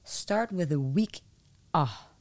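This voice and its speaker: A woman's voice: deep voice, animated, unhurried, warm tone. A woman, a language teacher hosting an interview and explaining pronunciation patiently. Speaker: Dutch language teacher and host.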